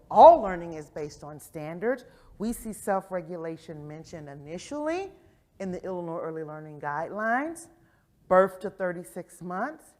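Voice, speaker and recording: A woman presenting a professional development session to educators, lively, often checking in with "right?". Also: fairly low pitch. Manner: animated, acts out quoted voices, frequent "right?" check-ins. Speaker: conference presenter on early childhood education. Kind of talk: interactive professional development talk. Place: conference session room.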